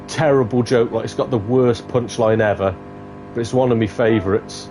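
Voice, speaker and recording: A man in relaxed live-stream chat at a middle pitch, cracking jokes and laughing between them. Faint game music plays behind him. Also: normal speed. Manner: jokey, laughs often, says "mate". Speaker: gaming streamer.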